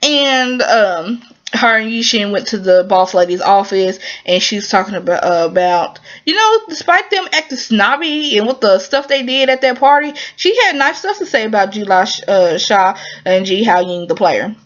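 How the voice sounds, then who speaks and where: This is a muffled lo-fi recording of a woman at medium pitch and moderate pace, going over a TV drama episode. She speaks casually and emotionally, leaning on lots of fillers, with lively, animated storytelling.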